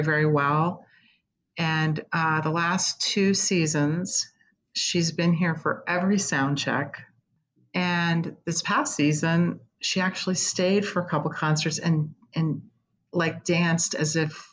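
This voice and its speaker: A woman's voice: sits low, rough recording. A middle-aged woman with a Midwestern American accent, talking candidly and earnestly as an interview guest about her work. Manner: candid, earnest, tearful at times. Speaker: executive director of a concert pavilion, guest. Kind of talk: emotional interview conversation.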